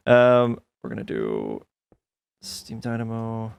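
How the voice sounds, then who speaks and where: A man with a medium-pitched voice streams a modded building game, chatting casually at a moderate pace with long pauses. He thinks aloud as he plays and often laughs at his own mistakes, mocking himself. There's no echo in the audio.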